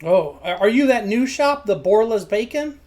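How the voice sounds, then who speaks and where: A woman's voice: medium pitch, animated, measured pace, a little mellow, natural voice. A woman voicing an eager young male baker's apprentice who stumbles over his words and repeats himself. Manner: stammering, repeats words, earnest.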